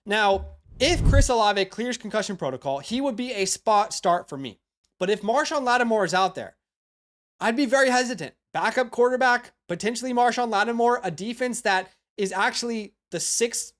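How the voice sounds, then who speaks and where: A man's voice: high-pitched, expressive, normal speed, a bit bright. Chatty man breaking down football picks. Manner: chatty, frequent "you know" and "all right?" asides. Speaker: fantasy football analyst host. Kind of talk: casual scripted-free sports analysis.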